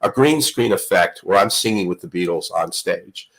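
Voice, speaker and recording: An older broadcaster telling show-business stories, acting out the voices and stumbling through quick restarts. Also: male voice, deep voice, low-quality recording. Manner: storyteller who acts out dialogue, lively restarts. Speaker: guest, broadcaster. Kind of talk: animated anecdote telling.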